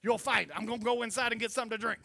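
A man's voice: extremely high pitch, steady tone, very fast, gravelly, pushed and bright, full character voice. A man voicing his old grandfather ordering a boy to dig in the yard. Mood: bossy.

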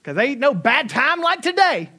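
A male pastor preaching a sermon, telling personal stories with lively delivery, acting out quotes and swinging from loud to quiet. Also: very high voice, normal speed. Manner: animated storytelling, acting out quotes with big swings in loudness.

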